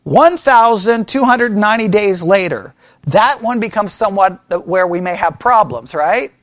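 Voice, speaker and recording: A man teaching a church Bible study in an animated way, often checking with the class and acting out the voices of people who disagree. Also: high-pitched, normal speed, dry recording, clean studio sound. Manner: animated, talks to the class with frequent "right?" checks; mimics opponents in mocking quoted voices.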